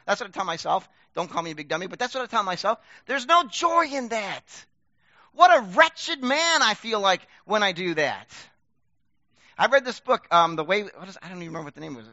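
A middle-aged man preaching a sermon in a conversational, self-deprecating way, swinging from loud bursts to hushed asides. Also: sits high, no room sound, highs cut off. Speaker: pastor.

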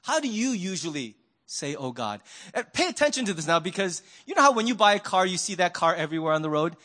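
High-voiced man preaching a sermon. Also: very animated, quick pace, sharp tone. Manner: conversational storytelling with rhetorical questions. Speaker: pastor.

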